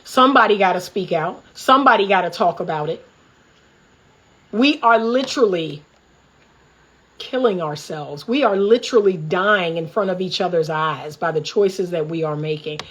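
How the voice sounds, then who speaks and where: A woman's voice: medium pitch, lively intonation, moderate pace, a bit bright. A middle-aged woman from the Washington D.C. area, hosting a livestream, talking in a fired-up, preachy and candid way. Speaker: relationship coach and host. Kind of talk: livestream commentary monologue.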